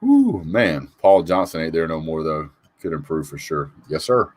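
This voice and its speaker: A man's voice: extremely low pitch, sing-song, moderate pace, darkish tone, dry recording. A man hosting a casual live sports show, reading comments and greeting viewers by name in an opinionated, chatty way. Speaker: sports talk host reading live chat. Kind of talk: casual live call-in chat.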